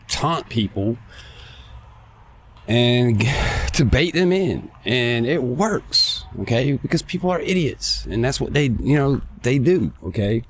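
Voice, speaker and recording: A man hosting his own show, ranting bluntly with plenty of swearing while walking his dog in a park, a bit out of breath. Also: medium pitch. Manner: blunt, profane, emphatic. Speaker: podcast host. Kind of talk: ranting monologue. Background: faint traffic and kids.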